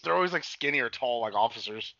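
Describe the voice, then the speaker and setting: A man's voice: medium pitch, expressive, quick pace, gravelly, pushed and bright, dry recording, lo-fi sound. A man casually recapping a TV episode in a rambling, profane way, acting out the characters' lines.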